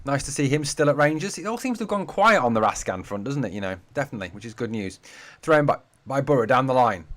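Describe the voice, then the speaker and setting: A man's voice: medium pitch, very animated, fast talker, a bit bright. A man hosts a live fan watch-along, calling the play as it happens. His talk is loose and chatty, full of swearing and replies to comments from viewers. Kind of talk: casual live-stream match commentary.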